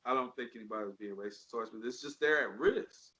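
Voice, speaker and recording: A podcast guest talks fast in a mid-range voice, laughing a lot and cursing freely as he chats casually from his Dallas home. The room is echoey, and a noisy crowd can be heard behind him.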